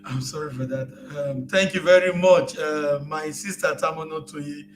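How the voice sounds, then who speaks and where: A man's voice: on the high side, fairly even intonation, moderate pace, faint music behind. A man leading an earnest spoken prayer at a meeting, thanking and praising in repeated phrases.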